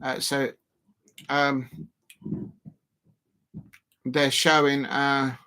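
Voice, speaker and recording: A man streaming a football watch-along, chatting casually and bursting into excited shouts at the match. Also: medium pitch, very slow, clean tone. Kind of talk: casual live commentary.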